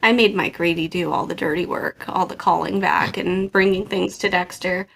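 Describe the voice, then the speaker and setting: Creaky-voiced woman telling funny stories. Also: lowish voice, moderate pace. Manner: animated, laughing anecdote-teller. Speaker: podcast co-host. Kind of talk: casual storytelling chat.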